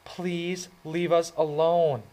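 A man's voice: on the high side, animated, moderate pace, pitched above the performer's own voice, low-quality recording. Man putting on a cool, biting teenage girl. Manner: biting, dismissive.

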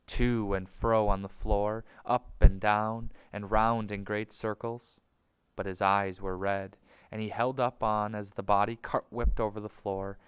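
A man narrating a storybook in a measured, dramatic way. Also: on the low side, smooth, dry recording, low-quality recording. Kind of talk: storybook reading.

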